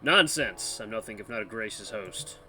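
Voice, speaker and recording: A man's voice: lowish voice, expressive, moderate pace, bright, forceful tone, a little hiss or hum. A man reading the lines of a confident young male tour guide in a visual novel, in a friendly, assured way. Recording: background music under voice.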